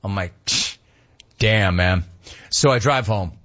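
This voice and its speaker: A man telling a story in a casual, animated way, acting out the other people's lines with sudden jumps in pitch. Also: slow, dull audio.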